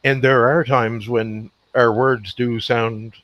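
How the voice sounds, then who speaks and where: A man's voice: medium pitch, flat delivery, takes it slowly, dry recording. Rambling man on a dull, dry line. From Nova Scotia, Canada. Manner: rambling, stop-start storytelling. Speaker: podcast co-host. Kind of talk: casual chat.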